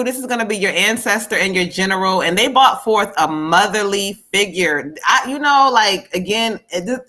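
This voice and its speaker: A woman reads tarot live on a stream, talking to a viewer. Her voice is bright and ringing. She is animated and laughs often, and slips into a sassy voice when she quotes spirits. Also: mid-range voice. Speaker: psychic medium giving readings.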